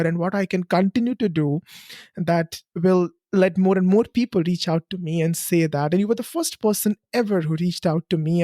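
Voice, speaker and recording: A man's voice: high voice, warm tone, no echo, clean studio sound. A man from India hosting a podcast, telling a long story in a loose, rambling way with frequent restarts and repeated phrases. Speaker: podcast host. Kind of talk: casual conversational interview.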